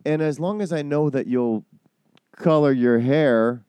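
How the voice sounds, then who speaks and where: A man's voice: medium pitch, unhurried, dark tone, clear, resonant tone, no room sound. Man asking rambling questions. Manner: rambling questions with many restarts. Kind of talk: casual chat.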